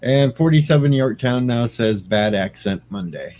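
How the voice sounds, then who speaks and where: Male American streamer host, easy banter, mid-pitched voice. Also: animated, normal speed, mellow. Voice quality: joking, banters with guests. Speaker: livestream host. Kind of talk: casual chat.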